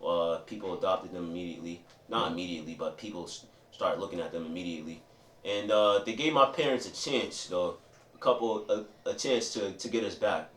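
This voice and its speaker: A young man with a lowish voice tells a candid personal story in a loose, rambling way, circling back over his own words. He sits some distance from the mic in an echoey room with faint background noise. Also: a little fast. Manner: rambling, repeats himself, says "you know what I mean" often. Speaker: storyteller recounting childhood. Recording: roomy echo, voice from a distance, faint ambient noise.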